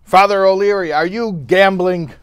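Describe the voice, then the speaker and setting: A man voicing a loud small-town police chief who barks questions at card players. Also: high-pitched, steady tone, racing, clean tone, no echo, voice pushed up, close to an everyday voice. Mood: demanding.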